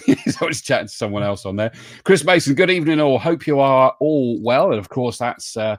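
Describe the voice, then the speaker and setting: A man's voice: mid-range voice, lively intonation, moderate pace, no room sound, studio quality. A man hosting a live online show, greeting viewers by name and joking with his co-host. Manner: jokey, greets viewers by name, laughs often. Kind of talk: casual live show chat.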